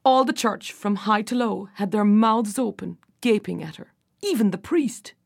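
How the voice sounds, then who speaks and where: A woman's voice: medium pitch, normal speed, creaky, a little mellow. A woman voicing two jealous older sisters in a storybook, complaining and indignant. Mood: aggrieved.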